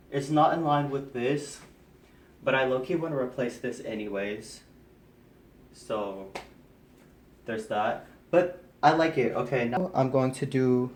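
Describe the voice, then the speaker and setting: A man chatting casually to his phone camera while decorating his bedroom, rambling and self-deprecating with lots of fillers, a little out of breath. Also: mid-range voice. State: slightly out of breath. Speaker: vlogger. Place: bedroom, indoors.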